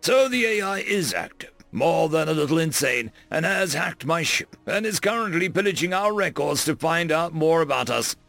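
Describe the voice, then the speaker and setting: A man doing a stern starship captain who barks his orders. The voice rides high and lively, with a gravelly grain, and often rises to a shout. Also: moderate pace, hardly any pauses, no echo, faint music behind. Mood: commanding.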